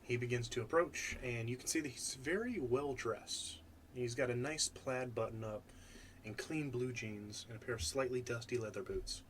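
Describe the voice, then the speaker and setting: A man narrating as game master of a tabletop game, relaxed and loose, with many fillers. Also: mid-range voice, normal speed, slight background noise.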